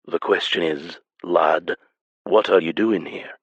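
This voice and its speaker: A man voicing a brooding French lord faking a Scottish brogue, with a low husky tenor and a restrained, menacing manner. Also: steady tone, takes it slowly, dry recording, lo-fi sound, heavily acted.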